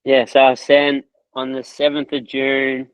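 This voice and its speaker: A man, talking excitedly in a casual interview, swearing often and repeating himself. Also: medium pitch, a little slow, clean tone, dry recording, rough recording. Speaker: guest, course creator.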